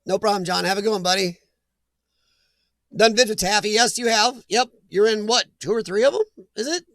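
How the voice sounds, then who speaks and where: A man's voice: sits high, brisk, fairly bright tone, dry recording. A man hosting a casual live chat, reading viewer names aloud and laughing often. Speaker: livestream host reading chat.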